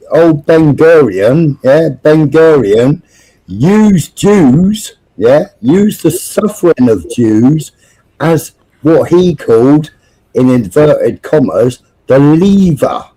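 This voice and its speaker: A man's voice: fairly high pitch, animated, extremely slow, dark tone, poor audio. A man hosting a livestream chat, lecturing and arguing, tagging his points with "yeah?" and "right?". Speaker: livestream host. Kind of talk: casual political chat.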